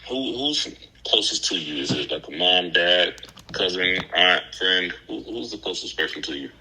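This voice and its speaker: A man speaking as a mental health professional on a call, slow and patient, often using the caller's name. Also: low voice, lively intonation, bright, forceful tone, slight background noise, rough recording. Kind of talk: calm phone counseling.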